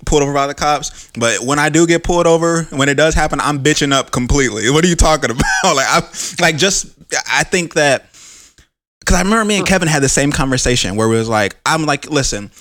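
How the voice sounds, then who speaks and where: A man's voice: fairly high pitch, animated, quick pace, a bit bright, dry recording, studio quality. A young man hosting a casual podcast, talking in a slangy, rambling way. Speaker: podcast host.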